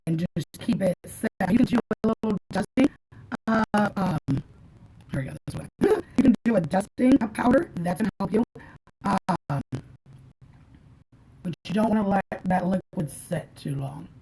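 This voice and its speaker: A woman's voice: medium pitch, warm tone, breathy edge, low-quality recording. A woman hosting a casual makeup tutorial, chatting to her viewers in a friendly way as she works.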